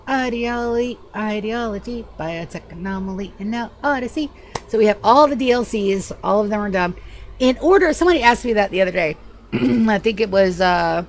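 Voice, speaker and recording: A woman streaming a game live from home, chatting casually in a loose, profane, animated way at a desk microphone. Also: mid-range voice, slight background noise. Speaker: livestreamer. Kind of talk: casual gaming livestream chat.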